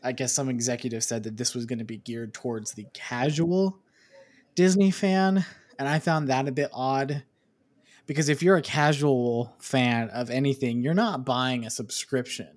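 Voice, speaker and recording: A man's voice: mid-range voice, moderate pace. A man hosting a casual podcast, reading out news items and adding dry asides.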